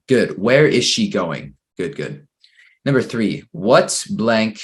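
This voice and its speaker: A patient man leads an English grammar lesson for children over a computer microphone, his voice sitting fairly low. He reads each exercise out slowly and encourages every answer. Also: very animated. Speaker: English teacher.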